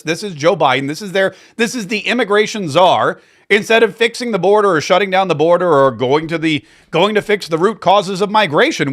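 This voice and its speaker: A man hosting a political commentary show, talking in a rambling, sarcastic, animated way. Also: high-pitched.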